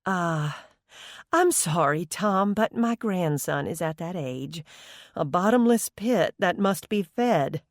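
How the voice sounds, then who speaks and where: A woman's voice: on the low side, animated, slow pace, no echo, clean studio sound. A woman voicing an indulgent, sarcastic older mother with a whispery voice in an audiobook. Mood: cheerful. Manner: teasing, scolding.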